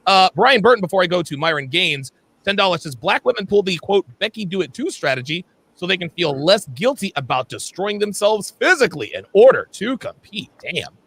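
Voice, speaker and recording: A man hosting a livestream panel, reading viewer super chats aloud and quick to laugh. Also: high voice, sing-song, fairly bright tone, slightly rough. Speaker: host.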